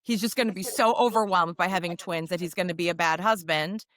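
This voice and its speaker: A woman's voice: lowish voice, a little fast, a bit bright, no echo, studio quality. A woman co-hosting a podcast in casual chat, recapping a film's plot in a rambling way with lots of fillers. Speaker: podcast co-host.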